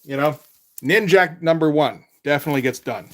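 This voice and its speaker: A man's voice: fairly high pitch, normal speed. A man chatting casually on a live stream as a comic artist, rambling and laid-back, with casual swearing.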